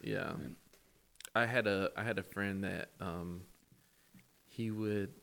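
Gravelly, excitable man chatting. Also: deep voice, takes it slowly. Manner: excitable, laughing storyteller. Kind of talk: casual chat.

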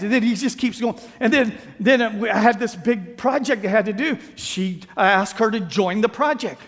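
A man preaching a sermon as pastor, telling stories with acted-out quotes and playful asides. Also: high voice. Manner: animated storytelling, acts out quotes, playful asides. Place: church sanctuary. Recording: reverberant sanctuary sound.

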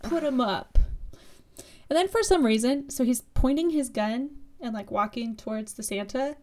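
A woman's voice: on the high side, moderate pace, mellow. A woman co-hosting a podcast, casually and sarcastically recapping a horror movie with lots of fillers. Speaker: podcast co-host.

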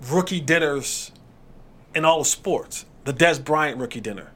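A man with a fairly high voice hosts a podcast conversation. He speaks casually and relaxedly, falling easily into his own anecdotes. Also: expressive, measured pace, a bit bright. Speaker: podcast host, former football player. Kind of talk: casual chat.

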